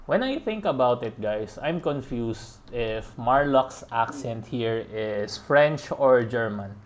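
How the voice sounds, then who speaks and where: A man giving relaxed, chatty commentary as he plays through a video game, often laughing. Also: medium pitch, takes it slowly. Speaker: gaming podcast host.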